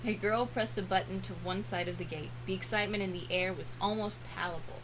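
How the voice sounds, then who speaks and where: A woman reading a visual novel aloud for a let's play, earnest, with dramatic pauses. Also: mid-range voice, noisy background.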